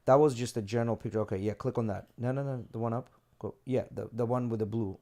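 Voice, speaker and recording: A man's voice: medium pitch, steady tone, fast, mellow. A man co-hosting a podcast, talking loosely and casually, swearing freely and explaining things step by step. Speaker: podcast co-host.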